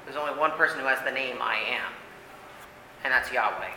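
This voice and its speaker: Bright-voiced man leading a Bible study. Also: mid-range voice, brisk. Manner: emphatic, with many fillers and "right?" tags. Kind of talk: casual group Bible study. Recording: echoey hall with faint room noise.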